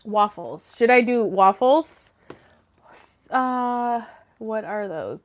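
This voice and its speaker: A woman's voice: on the high side, expressive, slow, fairly bright tone. Chatty woman hosting a live stream. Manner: chatty, rambling, swears freely. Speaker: livestream host. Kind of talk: casual livestream chat. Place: at home.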